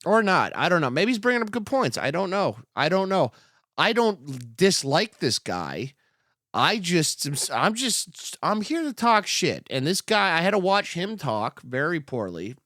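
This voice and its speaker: A man's voice: high voice, sing-song, a little slow, fairly bright tone, no echo, clean studio sound. A young man hosting a comedy podcast, reacting to news clips with sarcastic, profane, rambling commentary.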